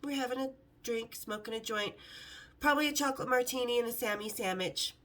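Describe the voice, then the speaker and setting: A woman's voice: on the high side, fairly quick, a bit bright. A middle-aged woman hosting a vlog, telling brash, sarcastic stories in a casual, swearing way. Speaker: vlog host. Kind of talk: casual storytelling to camera.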